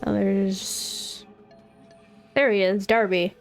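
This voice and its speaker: A woman's voice: mid-range voice, a little slow, pauses often, soft background music. A woman chatting casually and joking to herself as she plays a video game. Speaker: gameplay commentator. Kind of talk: casual gameplay commentary.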